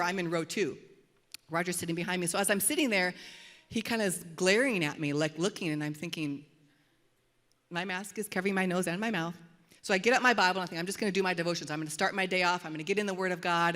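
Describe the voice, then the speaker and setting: A middle-aged woman pastor preaching a sermon in a church auditorium, telling a story with animated, dramatic delivery. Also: lowish voice. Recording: long hall reverb.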